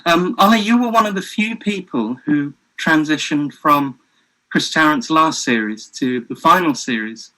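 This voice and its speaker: A man's voice: on the high side, normal speed, bright, forceful tone, poor audio. A man interviewing a guest. He gives short agreeing replies and asks long, carefully framed questions.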